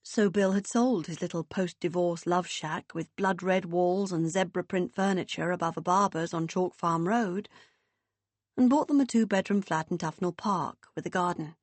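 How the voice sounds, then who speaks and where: A woman narrating an audiobook in a measured, expressive reading. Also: on the low side, dry recording.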